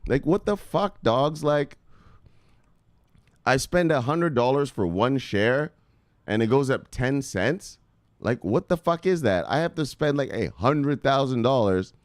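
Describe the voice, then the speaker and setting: A middle-aged man talks loosely and brashly, swearing and teasing his viewers as he hosts a crypto stream. His voice is smooth and clear at an ordinary pitch. It sounds dry and close to the mic. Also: lively intonation, a little slow, no echo. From United States. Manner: loose, swearing, joking, shouting "bang" at viewers' names. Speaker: crypto video host. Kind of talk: casual live-stream chat.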